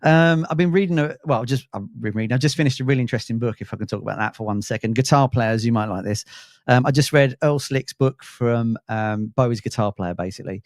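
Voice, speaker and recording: Brief: male co-host, talks fast, loose and chatty, with fillers. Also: medium pitch, dry recording, clean studio sound. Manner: chatty, rambling with fillers and restarts. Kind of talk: casual chat.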